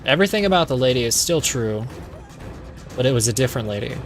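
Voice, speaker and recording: A man's voice: medium pitch, expressive, quick pace, over music. A male streamer chatting casually while playing, retelling a story in a rambling, playful way full of fillers. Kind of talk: casual gameplay commentary.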